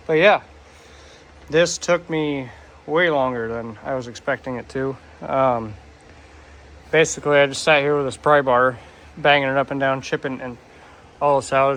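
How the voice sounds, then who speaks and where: A man's voice: mid-range voice, fairly even intonation, a little slow, pauses often, fairly bright tone, slight background noise. Laid-back man thinking aloud. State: out of breath. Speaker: DIY vlogger. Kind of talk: casual work narration. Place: shop or garage.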